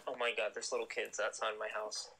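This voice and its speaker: A man's voice: fairly low pitch, flat delivery, brisk, sharp tone, a little hiss or hum. A man chatting and teasing the host during a casual livestream.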